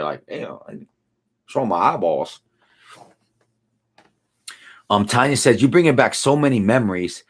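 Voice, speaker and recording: A man's voice: on the low side, animated, brisk, husky. A man, hosting a casual live stream and reading out viewer comments in laid-back, slangy banter. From Buffalo, New York. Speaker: livestream host reading chat.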